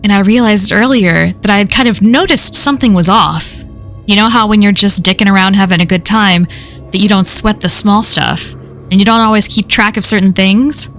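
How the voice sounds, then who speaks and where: Streamer reads a horror story aloud: woman, mid pitch, casual and profane, soft music behind. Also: moderate pace. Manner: casual first-person storytelling with frequent swearing.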